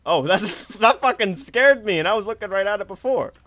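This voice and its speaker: A man giving let's play commentary on a horror game, jumpy and swearing a lot, screaming at the scares and talking loud on purpose to stay calm. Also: high voice, a little fast. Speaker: gamer playing a horror game.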